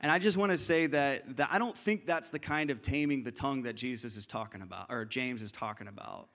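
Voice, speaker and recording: A man's voice: mid-range voice, a little fast, fairly bright tone. A young man preaching a sermon as pastor, earnest and conversational, often restarting his sentences.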